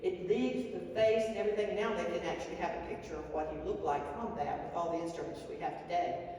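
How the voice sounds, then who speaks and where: A woman's voice: fairly low pitch, fast talker, warm tone. A woman pastor giving a sermon in an earnest, rambling storytelling way, with restarts. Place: church sanctuary. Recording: echoey church hall mic from far off.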